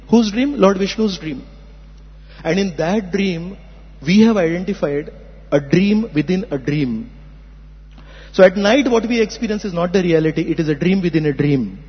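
An earnest man with a high, slightly husky voice gives a spiritual discourse, explaining by asking rhetorical questions. He sounds muffled, with a long reverb trailing each phrase. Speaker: spiritual teacher. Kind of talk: philosophical discourse. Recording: muffled hall recording.

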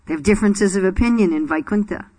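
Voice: medium pitch, quick pace, mellow. A spiritual teacher in a scripture class, telling stories in a chatty way, laughing often and quizzing the audience.

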